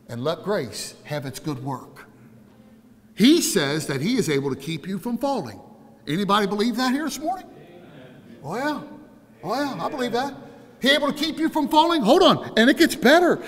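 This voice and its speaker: A male pastor preaching an impassioned sermon that swings from hushed to loud. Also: sits high, sing-song, normal speed, in a large hall.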